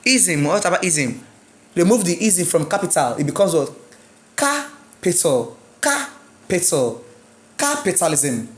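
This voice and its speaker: A teacher gives an exam-prep lesson, repeating words slowly and quizzing the listeners. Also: medium pitch, expressive. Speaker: English teacher.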